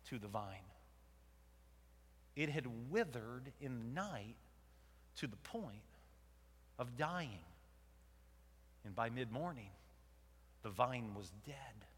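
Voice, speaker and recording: A man playing Jonah, a conflicted and angry prophet, in a dramatic first-person sermon. His delivery swings between loud outbursts and hushed whispers. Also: mid-range voice, slightly rough, heavily acted. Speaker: preacher in dramatic monologue. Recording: long hall reverb.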